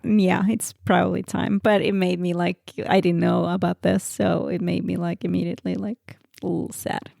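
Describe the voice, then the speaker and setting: A woman's voice: lowish voice, little pitch movement, normal speed, vocal fry, few pauses, dark tone, no echo, studio quality. A woman from Norway co-hosting a podcast in casual chat, bashful and giggly. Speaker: podcast co-host.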